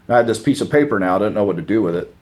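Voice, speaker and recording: A man's voice: on the low side, rapid-fire. A man guest on a podcast, casually telling a self-mocking story and acting out the voices of the people in it. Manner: animated, acts out the voices of people in his stories; relaxed, self-mocking, mild swearing. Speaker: podcast guest, former college thrower.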